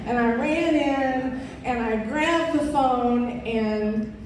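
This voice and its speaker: Speaking very slowly in a high but darkish voice, this woman in her sixties is the keynote speaker at a large event hall. Her testimony is emphatic, with phrases repeated to drive them home, and the distant mic picks up hall echo and faint noise.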